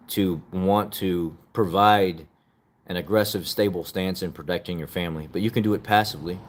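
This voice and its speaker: A man's voice: sits low, darkish tone, a little hiss or hum. A man hosting a casual opinion talk show, earnestly urging listeners with repeated phrases and getting openly emotional at times. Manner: earnest, repetitive motivational urging; openly emotional, laughs at himself. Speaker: podcast host.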